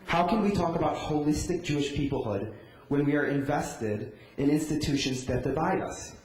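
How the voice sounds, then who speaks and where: A man's voice: fairly high pitch, moderate pace, darkish tone. A young man, a student, asking the panel a polite, slightly hesitant question. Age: young adult. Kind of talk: audience question at a conference. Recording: echoey conference hall.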